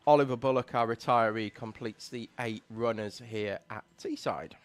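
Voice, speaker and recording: Male co-commentator breaking down the kart racing, gets loud at the finish, dry close sound. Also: medium pitch, normal speed, no room sound. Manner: analytical, builds to loud excitement at the finish. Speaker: race co-commentator. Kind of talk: live karting commentary.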